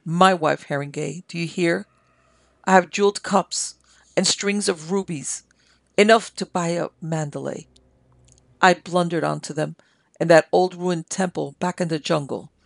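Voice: medium pitch, steady tone, normal speed, creaky, dry recording, lightly acted. A reader voicing a raving delirious major. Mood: raving, boastful. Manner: feverish, pleading, raving confession. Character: delirious army major, guilt-ridden man.

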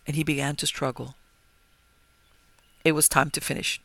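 A man narrating a gothic horror story in a measured, grave manner. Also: on the high side, level tone, creaky, no echo. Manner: measured, grave, rising to forceful cries. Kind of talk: dramatic gothic story reading.

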